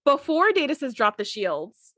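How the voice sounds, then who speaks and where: A woman's voice: high-pitched, sing-song, normal speed, fairly bright tone, no echo, studio quality. A woman co-hosting a podcast, chatting emphatically and acting out quotes from an episode. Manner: emphatic, acts out quotes with big jumps. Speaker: podcast co-host. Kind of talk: casual chat recapping an episode.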